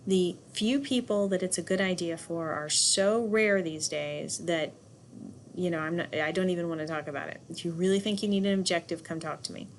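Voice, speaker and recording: A woman's voice: lowish voice, moderate pace, slight background noise. Emphatic woman lecturing a class. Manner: direct, emphatic, with asides and light laughs. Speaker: instructor.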